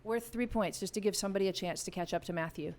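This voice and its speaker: A woman's voice: mid-range voice, quick pace, darkish tone. Chatty woman hosting a live game. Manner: chatty, playful, explains rules to viewers. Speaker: music channel host running a live game. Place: home music room with a piano. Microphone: studio vocal mic.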